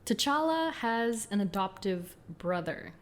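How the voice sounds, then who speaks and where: A woman co-hosting a podcast in casual chat, chatty and quick to laugh as she runs through details. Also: mid-range voice, lively intonation. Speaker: podcast co-host.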